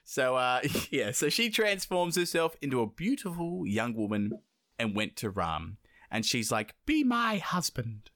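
A man's voice: mid-range voice, very animated, a little slow, a bit bright, no room sound, clean studio sound. A man co-hosting a podcast, casually retelling a myth with jokes, laughter and crude asides. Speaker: podcast co-host.

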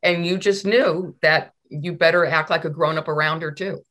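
A middle-aged woman, a law professor, telling stories in a conversational interview, animated and full of restarts. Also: deep voice, moderate pace. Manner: animated, many restarts and repeated words.

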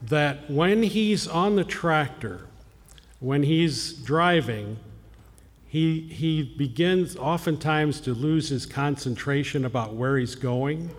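A man's voice: fairly high pitch, slow pace, in a large hall. An older man who is a pastor, chatting casually on a podcast in a playful, teasing way. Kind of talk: casual chat.

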